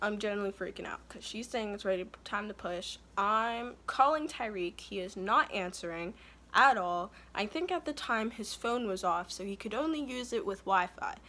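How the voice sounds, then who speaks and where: Bright-voiced young woman telling a story. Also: medium pitch, moderate pace. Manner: chatty, rambling, breaks off to scold her toddler. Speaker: vlogger telling a birth story. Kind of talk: casual storytime.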